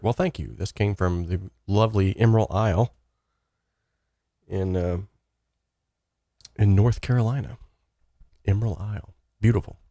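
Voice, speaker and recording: A man hosting a live stream, casually reading and answering chat questions with rambling, energetic talk. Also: low voice, no echo, studio quality. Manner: energetic, rambling, reads chat comments aloud.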